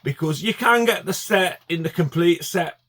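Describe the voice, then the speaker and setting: A man's voice: a little high, normal speed, fairly bright tone. A man chatting casually to camera about his DVD collection, enthusiastic and full of fillers and restarts.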